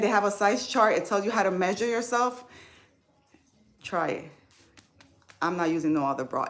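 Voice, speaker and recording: A woman's voice: mid-range voice, a bit bright. A woman hosting a casual live stream, talking with viewers in an informal, emotional, chatty way. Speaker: livestream host.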